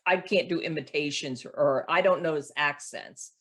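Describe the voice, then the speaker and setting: A woman hosting a book podcast, asking questions in a casual, animated way and laughing often. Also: sits low, moderate pace. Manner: animated, giggly, acts out scenes. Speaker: podcast host. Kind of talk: casual interview chat.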